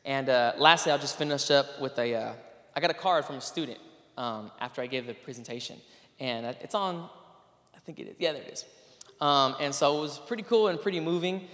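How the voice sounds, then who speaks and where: A man's voice: mid-range voice, fairly quick, a bit bright. A man, a PE teacher, giving a casual and earnest spoken testimony, full of fillers and restarts. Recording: long hall reverb.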